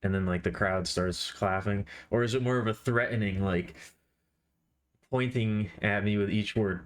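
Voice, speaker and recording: A man with a fairly low voice chats on a live art stream. His talk is loose and rambling, with playful asides to his viewers as he works. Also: normal speed. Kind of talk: casual live-stream chat.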